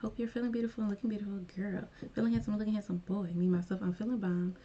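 A woman's voice: medium pitch, flat delivery, racing, dark tone. A woman hosting a reaction video, talking to her viewers in a chatty, upbeat way. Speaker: reaction channel host. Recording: dull lo-fi home recording with faint noise.

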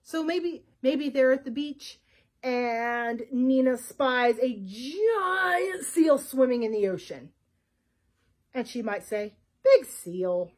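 A woman, a children's librarian, talking to young listeners in an animated, expressive storytime manner. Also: high voice, slow pace. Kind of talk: storytime read-aloud.

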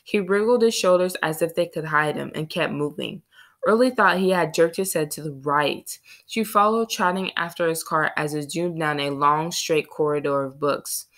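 A woman narrating a children's novel in a steady storytelling read. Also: low-pitched, normal speed. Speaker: audiobook reader. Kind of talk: scripted narration.

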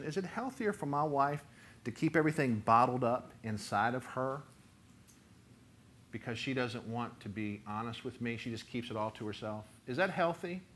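Middle-aged man, pastor, animated sermon delivery with dramatic loud peaks. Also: mid-range voice, slight background noise. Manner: animated preaching, rising loud for quoted voices.

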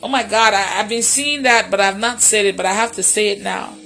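A woman leading prophetic prayer and deliverance, making fervent, repetitive declarations, laughing in bursts and at times shouting. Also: medium pitch, a little fast, vocal fry, faint music behind. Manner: intermittently shouts and prays in tongues. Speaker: prophetic minister.

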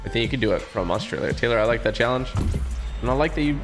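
A man live-streaming a game, chatting casually and reading out viewer shout-outs in quick upbeat bursts, with a sore throat. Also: medium pitch, lively intonation, over music.

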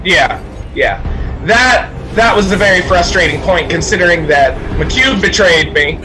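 A man's voice: high-pitched, lively intonation, unhurried, shouting, over music, poor audio. A man co-hosting a podcast, ranting animatedly and swearing a lot in crude comedic banter. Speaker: podcast co-host.

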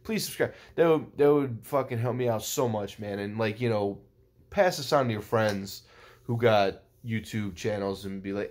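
A young man recapping a football game in a casual vlog, swearing constantly and rambling with lots of fillers and excited outbursts. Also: fairly low pitch, fairly quick. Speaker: sports fan vlogger.

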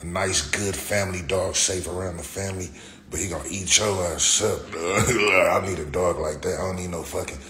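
Live-streaming at a normal pace, this man has a low, sharp voice with fairly even intonation. He laughs, swears heavily, and leans on slang as he tells his stories, captured with a roomy echo and faint noise.

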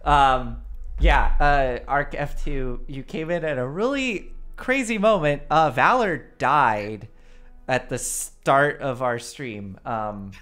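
A woman's voice: a bass voice, slow pace, fairly bright tone, soft background music. A woman narrating as the game master of a tabletop role-play stream, giggly and rambling with fillers, on a desk mic.

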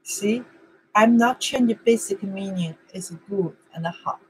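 Chinese-native lady teaching online, broken english, repeats stuff, talks slow. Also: medium pitch, breathy edge, poor audio. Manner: simple broken English, repeats words for drilling. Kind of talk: online language lesson.

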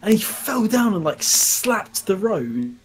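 A man's voice: high-pitched, sing-song, soft background music, rough recording. A young man co-hosting a game stream, telling stories in a loose, chatty way. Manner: chatty storyteller, drawn-out exclamations. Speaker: streamer co-host. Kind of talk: casual gaming chat.

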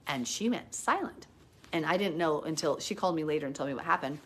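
A woman's voice: low voice, expressive, quick pace, breathy edge. A middle-aged woman giving a live Bible teaching, talking in a hyper, chatty way full of "like" and turning earnest and emotional as she tells her story. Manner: earnest and emotional when retelling prayer.

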